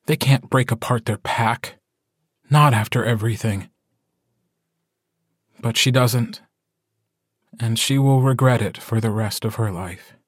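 A man narrating a story in a measured, even way in an audiobook. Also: mid-range voice, slightly rough, no room sound, clean studio sound. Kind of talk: scripted narration.

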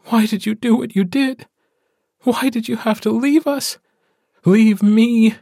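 A man's voice: high voice, little pitch movement, a little slow, a little mellow, no echo, studio quality, pitched above the performer's own voice. A man voicing a grieving, hot-tempered young werewolf woman, widow of a pack alpha, in an audiobook. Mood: anguished. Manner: raw, hot-tempered, on the edge of tears.

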